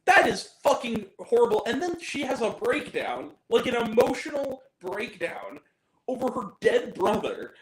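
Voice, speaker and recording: A man's voice: extremely high pitch, big pitch swings, a little slow, reverberant, poor audio. A man giving a casual spoken film review, ranting and swearing in exasperation. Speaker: movie reviewer.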